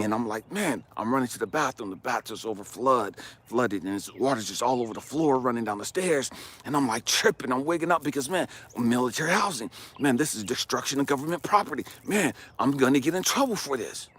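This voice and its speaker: A man who works as a life coach, telling an emotional personal story with passion. He swings between hushed and loud delivery and swears freely. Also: mid-range voice.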